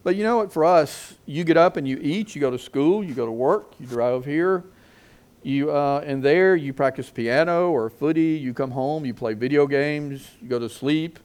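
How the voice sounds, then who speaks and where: A middle-aged male pastor preaching a sermon, asking the congregation questions and swinging his loudness for emphasis. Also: a little high, moderate pace, smooth. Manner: preaching with call-and-response questions.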